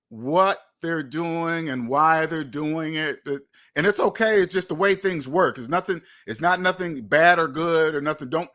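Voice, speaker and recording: A man hosting a finance channel speaks in a fairly high voice. He talks straight to his viewers in an emphatic, repetitive way, with the odd swear word thrown in. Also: pushed and bright. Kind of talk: casual monologue commentary.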